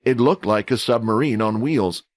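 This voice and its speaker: A man giving steady scripted narration of a fantasy audio story, doing voices for the characters. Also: medium pitch, normal speed, no room sound.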